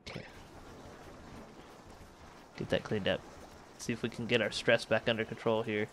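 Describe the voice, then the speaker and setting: A man's voice: lowish voice, flat delivery, moderate pace, fairly bright tone, slight background noise. A man hosting a let's play, thinking aloud and correcting himself as he manages a space colony game. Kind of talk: casual gameplay commentary.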